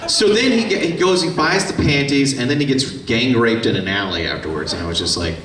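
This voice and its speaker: Guesting on a convention panel, a voice actor answers audience questions with casual, irreverent, joking stories. His medium-pitched voice is fairly bright, a little fast, and lively in intonation, picked up from far off in an echoey hall with a crowd.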